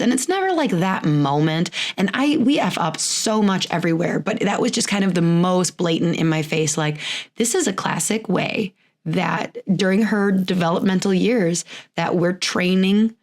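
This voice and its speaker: A woman's voice: mid-range voice, animated, moderate pace. Chatty woman podcast host, full of "like". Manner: chatty, rambling, lots of "like"; laughs often while talking. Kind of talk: casual chat.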